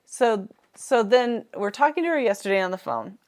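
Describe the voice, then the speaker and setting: Woman, somewhat high pitch, casual live-stream co-host, upbeat, quick reactions. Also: lively intonation.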